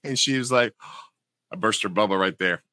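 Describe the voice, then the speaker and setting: A man's voice: fairly low pitch, normal speed, pushed and bright, no echo. A man casually telling a long story on a podcast, swearing freely and acting out the people he quotes. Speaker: podcast co-host.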